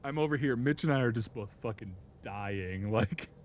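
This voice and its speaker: A man's voice: medium pitch, moderate pace, a little hiss or hum. Guy on stream rambling about his dogs, laughs a lot, swears a ton. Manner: laughing, profane, rambling storytelling. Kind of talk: casual chat.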